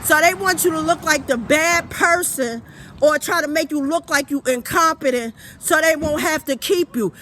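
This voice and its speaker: A woman's voice: high voice, normal speed, fairly bright tone, a little hiss or hum. A woman telling a story in a casual, emphatic, rambling monologue. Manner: rambling with many fillers and restarts. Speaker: vlogger.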